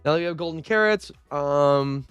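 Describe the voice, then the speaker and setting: High-voiced young man rambling casually. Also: moderate pace, a bit bright, smooth, dry recording, highs cut off, soft background music. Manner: rambling, swears casually, many fillers. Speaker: streamer. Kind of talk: casual gaming livestream chat.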